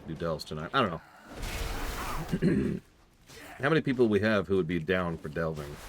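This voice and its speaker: A man's voice: low-pitched, sing-song, a little slow, background noise. A man streaming a video game, chatting casually in a rambling, self-mocking way, with game music behind him. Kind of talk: casual livestream chat while gaming.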